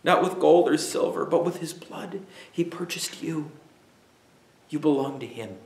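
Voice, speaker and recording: A man delivers a sermon from the pulpit, swinging between forceful emphasis and quiet, dropped-down pauses. His voice sits a touch high for a man, and the room around him rings with echo. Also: vocal fry. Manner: emphatic preaching, dramatic pauses and acted-out asides. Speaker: pastor.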